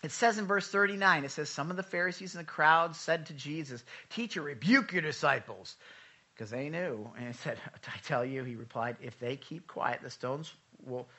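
Male pastor, conversational sermon, bright and slightly high voice, loud urging and quiet scripture reading. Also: normal speed.

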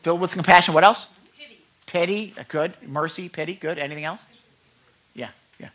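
Man preaching a sermon, bright voice, pretty high, keeps asking the crowd stuff. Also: normal speed. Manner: animated, talks with the congregation and acts out quotes. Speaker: pastor.

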